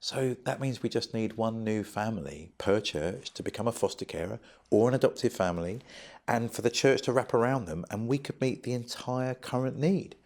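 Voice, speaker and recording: A middle-aged man, a guest in an interview, telling stories in an animated, humorous way. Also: medium pitch, normal speed. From United Kingdom. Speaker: charity founder guest. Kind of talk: interview storytelling.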